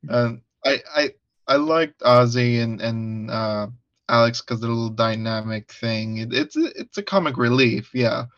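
A man's voice: medium pitch, measured pace, a bit bright, no room sound. Hesitant guy on a dull lo-fi mic. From United States. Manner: hesitant, laughs often. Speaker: podcast co-host. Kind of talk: casual movie review chat.

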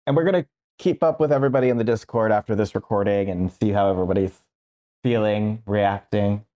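A man co-hosting a podcast in relaxed casual chat. His voice sits somewhat low, and he lands his jokes in a wry, deadpan way. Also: a little fast, muffled recording. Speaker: podcast co-host.

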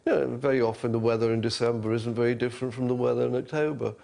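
A male professor speaks as a guest in a political interview, with a voice of ordinary pitch. He answers hesitantly, restarting with "um" and adding wry asides. His delivery is loose and conversational. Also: fairly even intonation, very fast, vocal fry, dark tone.

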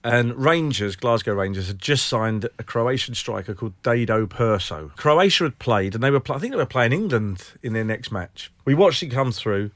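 A man with a Welsh accent tells animated stories in a casual chat and laughs as he goes. His voice sits at an ordinary middle pitch. It sounds dry and close, with no room echo. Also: moderate pace, hardly any pauses. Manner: lively storyteller, laughs mid-story. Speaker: football journalist. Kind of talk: casual anecdote on a podcast.

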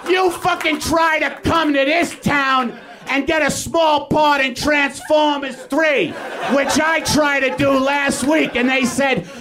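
A middle-aged New York man with a strikingly high, strained voice, bellowing furious comic rants and then sinking into low muttering. A live theater crowd is clearly heard around him. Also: fairly even intonation, slow pace, noisy background. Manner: shouts angry rants, then drops to mumbled asides. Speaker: comedian doing a rant segment. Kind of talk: ranting stand-up bit on a live podcast. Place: small comedy theater stage with audience. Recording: live theater audience audible.

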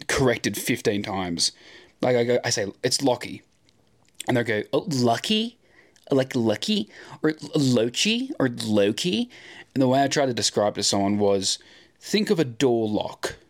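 Sarcastic young Australian man, low voice. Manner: rambling, sarcastic, swears casually. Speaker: podcast co-host. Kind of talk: casual podcast monologue.

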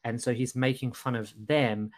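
A man's voice: mid-range voice, steady tone, moderate pace. A man co-hosting a podcast, talking over a film in a hesitant, earnest way, with many ums and restarts. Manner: earnest, critical. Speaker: podcast co-host. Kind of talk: casual film review chat.

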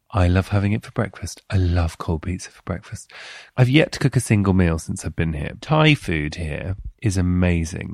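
British male podcast host, low voice, playful chatter, dry close sound. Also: vocal fry, no room sound. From United Kingdom. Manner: chatty and playful, with lively swings in pitch. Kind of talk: casual chat.

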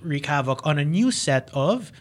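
A man co-hosting a casual wrestling podcast, animated and swearing freely, slipping into Tagalog. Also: fairly high pitch, normal speed. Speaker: podcast co-host.

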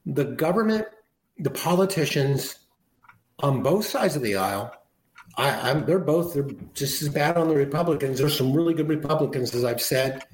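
A man's voice: fairly high pitch, normal speed, roomy sound, slight background noise, rough recording. A man chatting on a talk show in a rambling, conversational way, often restarting his sentences.

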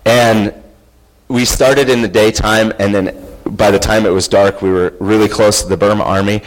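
A man's voice: on the low side, steady tone, moderate pace, rough recording. A man in his thirties telling a personal story in an earnest, conversational way, acting out quoted lines. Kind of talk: storytelling talk.

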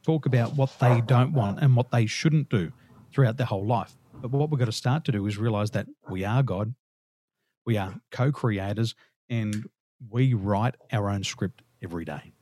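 An Australian man, a guest on an interview, telling lively stories and laughing through them. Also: lowish voice, moderate pace, slight background noise. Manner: animated, laughs through his own stories. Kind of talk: casual storytelling interview.

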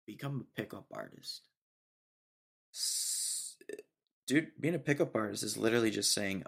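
A man's voice: fairly low pitch, unhurried, creaky, fairly bright tone, husky. Ranting young male podcast host. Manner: ranting, sarcastic, laughs a lot. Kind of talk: casual solo podcast rant.

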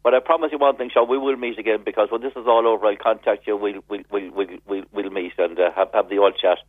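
A man's voice: fairly low pitch, steady tone, fast talker, husky, no echo. A man, calling in to chat, rambling and repeating his words. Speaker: caller. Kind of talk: casual chat. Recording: tinny phone line.

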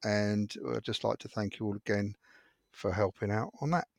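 Low-voiced man on a podcast. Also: normal speed, gravelly, dry recording. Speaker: podcast co-host. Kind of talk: casual chat.

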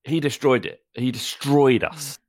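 A man's voice: mid-range voice, fairly even intonation, measured pace, no echo, studio quality. A man co-hosting a football podcast, talking bluntly with stammering restarts and the odd swear. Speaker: podcast co-host. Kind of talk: casual football chat.

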